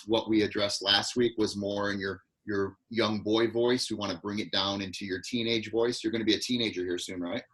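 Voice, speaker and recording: A man's voice: fairly low pitch, fairly even intonation, fairly bright tone, low-quality recording. Man coaching actors over a video call. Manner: directive, coaching with quick repeated instructions. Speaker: acting coach. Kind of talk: live online acting class.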